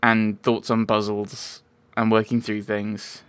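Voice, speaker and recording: A man's voice: fairly low pitch, monotone, slow pace, fairly bright tone, clear, resonant tone. A man giving rambling, casual commentary over a video game, with wry asides and frequent self-interruptions. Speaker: let's play gamer.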